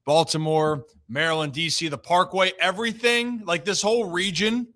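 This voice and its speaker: A man's voice: sits high, fairly even intonation, moderate pace, fairly bright tone. A young man hosting a sports talk show, ranting animatedly in a casual chat.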